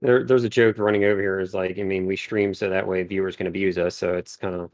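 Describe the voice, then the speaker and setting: A man's voice: low-pitched, flat delivery, fast talker, dry recording. A man chatting casually on a live stream as a guest painter, talking in loose, rambling sentences full of restarts. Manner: rambling, lots of filler and restarts. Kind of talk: casual livestream chat.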